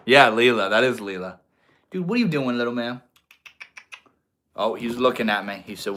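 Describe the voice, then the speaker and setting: A man's voice: medium pitch, expressive, normal speed, bright, forceful tone. A young man hosting a livestream, chatting casually with viewers in a laid-back, slangy way. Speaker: livestream host.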